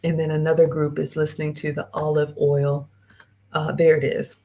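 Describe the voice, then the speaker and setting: A woman with a low voice hosts a live-streamed travel vlog. She chats casually, straight to her viewers, and greets them by name as she reads out their comments. Her tone is mellow and relaxed. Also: moderate pace. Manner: chatty, talks straight to viewers and reads out chat. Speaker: host.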